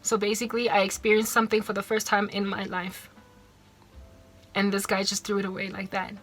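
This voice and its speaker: A woman's voice: mid-range voice, completely flat delivery, brisk, fairly bright tone, faint music behind. A woman from South Africa with a South African accent, telling a personal story on her vlog, emotional and repeating herself as she quotes the people involved. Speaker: vlogger.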